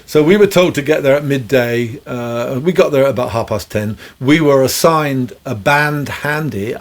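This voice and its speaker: A man, a guest musician, telling long rambling stories in a relaxed, chuckling way. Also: medium pitch, moderate pace. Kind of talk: anecdotal storytelling.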